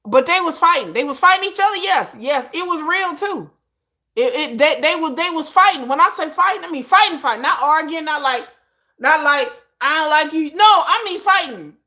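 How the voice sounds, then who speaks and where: A woman vlogger chatting casually about pop music in a slangy, animated way, full of asides. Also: high-pitched, moderate pace.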